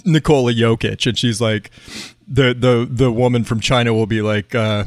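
A man co-hosting a casual podcast, telling stories in a rambling, halting way with many restarts. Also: mid-range voice, fairly even intonation, no room sound, studio quality. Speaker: podcast co-host. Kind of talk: casual chat.

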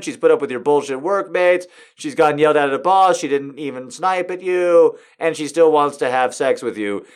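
A man's voice: on the high side, smooth. Rambling man reading and joking. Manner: rambling, laughs a lot, mock-exasperated. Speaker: reader and commentator. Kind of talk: comedic reading with commentary.

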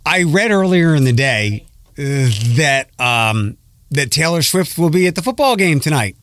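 Guy hosting a podcast, kinda high voice, bouncy pitch, rambly. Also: big pitch swings, moderate pace, fairly bright tone, no echo. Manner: rambling, self-interrupting storyteller. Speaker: podcast host. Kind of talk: casual chat.

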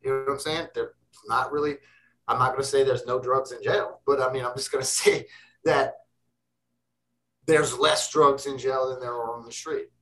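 Intense, profane man, bright and distant. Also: mid-range voice, steady tone, moderate pace. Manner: intense, emphatic, swears freely. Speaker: interview guest. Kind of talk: casual interview talk.

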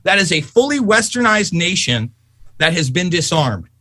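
A man ranting angrily on a podcast, swearing often as his voice swoops high and low. His tone is bright and sharp, recorded dry and close. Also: no room sound. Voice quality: profane, fast and animated. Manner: angry, emphatic storytelling. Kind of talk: heated political rant.

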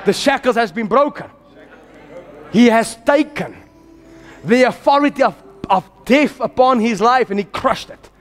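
A man preaching a sermon with fervent, exhorting energy, rising to shouts and calling on the congregation to repeat his words. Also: very high-pitched, expressive, a little slow, pauses often, soft background music. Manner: calls on the congregation to repeat after him.

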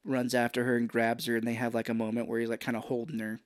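Man, podcast co-host, casual movie recap, acts out quotes, middle pitch, dry close sound. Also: monotone, fast, dry recording. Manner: retells scenes, acting out lines with curses.

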